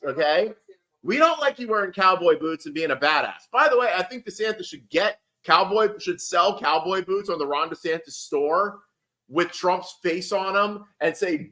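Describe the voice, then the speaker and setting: A man's voice: sits high, expressive, moderate pace, pushed and bright. A man giving rambling, heated political commentary on a casual livestream, swearing and restarting often.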